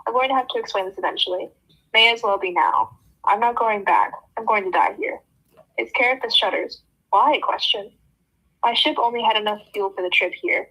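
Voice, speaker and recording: Bright husky young woman reading aloud. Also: mid-range voice, brisk, low-quality recording. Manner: animated first-person reading with casual asides. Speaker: book club host.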